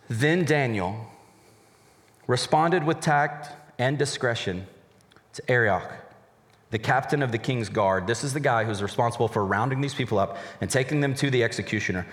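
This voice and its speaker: A man's voice: medium pitch, normal speed, pauses often, fairly bright tone, in a large hall. A male college pastor preaching a sermon, animatedly voicing the characters in casual paraphrase.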